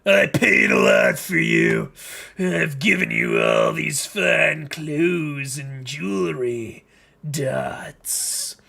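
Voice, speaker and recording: A man voicing a boastful, lecherous rich husband, growling and shouting like a showy wrestler in a comic reading. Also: on the high side, very animated, drawn-out words, vocal fry, voice pushed down, full character voice. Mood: domineering. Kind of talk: comic voice acting while reading a webcomic live.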